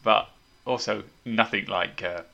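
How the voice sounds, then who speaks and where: A man's voice: fairly low pitch, unhurried, gravelly, bright, forceful tone, muffled recording. A man hosting a casual movie review podcast, wry and opinionated as he leads the talk. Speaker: podcast host.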